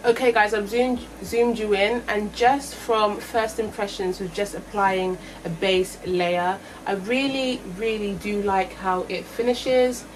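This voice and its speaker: A woman's voice: mid-range voice, steady tone, unhurried, few pauses, soft background music, poor audio. A young woman chatting through a makeup review vlog, thinking aloud and correcting herself as she goes. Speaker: beauty vlogger.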